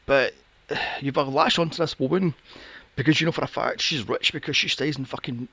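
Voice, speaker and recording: A man's voice: medium pitch, moderate pace, pushed and bright, slightly rough, dry recording. A man hosting a casual film review podcast, sarcastic and swearing freely. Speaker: podcast host.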